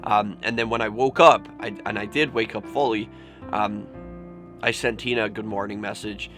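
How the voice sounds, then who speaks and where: A man's voice: on the low side, fairly even intonation, normal speed, a bit bright, faint music behind. A young man vlogging, telling a personal story candidly and emotionally, swearing often and saying "like" a lot. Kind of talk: confessional vlog storytelling.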